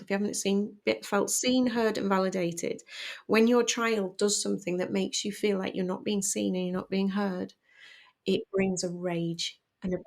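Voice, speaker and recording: A middle-aged woman speaking candidly and emotionally as a podcast guest about parenting. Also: medium pitch. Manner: candid, emotional, animated storytelling. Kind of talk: personal conversation.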